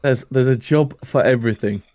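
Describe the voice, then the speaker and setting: A man's voice: medium pitch, a little fast, darkish tone. A young man co-hosting a podcast, ribbing his friend with dry banter. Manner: dry teasing banter, calls people "dude". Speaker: podcast co-host. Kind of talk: casual chat.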